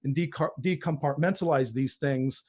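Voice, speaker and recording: Emphatic man, slightly high voice. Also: normal speed, breathy edge. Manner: emphatic, preachy, repeats words when excited. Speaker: personal trainer, podcast guest. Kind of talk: conversational interview.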